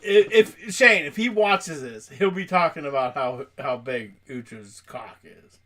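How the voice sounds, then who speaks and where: Man, podcast co-host, casual chat, swears a lot, fairly high voice. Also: animated, a little slow, pushed and bright. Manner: loose, profane banter with frequent laughs.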